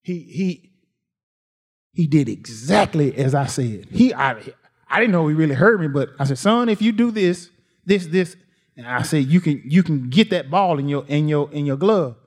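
Male preacher, high voice, folksy and repetitive. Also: expressive, moderate pace. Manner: folksy, repeats phrases, rises to near shouts. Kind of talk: sermon.

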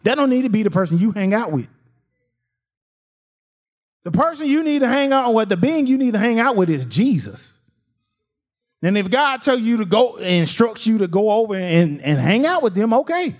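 High-voiced preacher, folksy delivery. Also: male voice, sing-song, normal speed, pauses often. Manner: folksy, repeats phrases, rises to near shouts. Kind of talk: sermon.

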